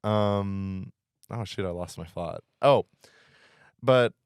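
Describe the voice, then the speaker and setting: A man's voice: deep voice, takes it slowly, clean tone, no room sound, studio quality. A young man co-hosting a casual college podcast, chatty and rambling, with lots of fillers and laughter. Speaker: podcast co-host; campus equity and inclusion worker. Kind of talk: casual chat.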